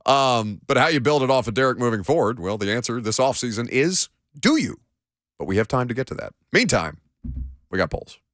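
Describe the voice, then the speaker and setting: A man's voice: mid-range voice, animated, a little fast, a bit bright, no echo, studio quality. Joking young male sports radio host. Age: late 20s. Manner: self-deprecating, rambling with restarts. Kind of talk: casual sports talk radio chat. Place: radio studio. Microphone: studio broadcast mic.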